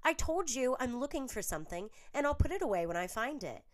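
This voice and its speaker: A woman voicing a quarrelsome, defensive teenage schoolgirl in a raised, loud voice. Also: sits high, sing-song, brisk, voice pushed up.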